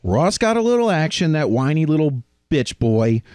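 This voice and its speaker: Man, podcast co-host, casual profane chat, lively pitch, dry close mic. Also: moderate pace, clean tone, no room sound. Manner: profane, animated storytelling with voiced impressions.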